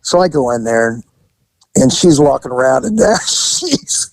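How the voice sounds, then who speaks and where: Casting: a gravelly-voiced man in dry close-mic sound, with a lively swooping delivery and loose, profane storytelling. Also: medium pitch, measured pace, dry recording, low-quality recording. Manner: animated, laughing, profane, acts out voices. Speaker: storyteller recounting undercover work. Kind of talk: casual conversational storytelling.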